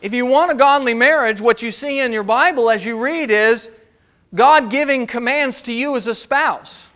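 A man's voice: extremely high pitch, moderate pace, a bit bright. A man preaching a sermon as pastor, asking the congregation rhetorical questions and acting out the voices of the people he quotes.

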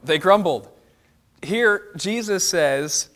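A man leading a Bible study, explaining verses and asking the group questions in an animated way. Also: high-pitched, unhurried. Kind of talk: teaching a Bible class.

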